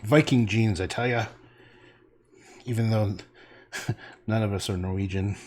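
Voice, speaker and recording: A man's voice: lowish voice, fairly even intonation, a little slow, a little mellow. A man livestreaming while he paints, chatting casually in a joking, rambling way with frequent swearing. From Canada.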